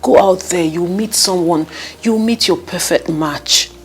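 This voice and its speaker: An actress playing a calm, earnest friend who gently advises and pleads. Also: female voice, on the low side, unhurried, faint music behind, close to an everyday voice. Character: caring young woman advising a heartbroken friend. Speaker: friend giving advice. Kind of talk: Nollywood film acting.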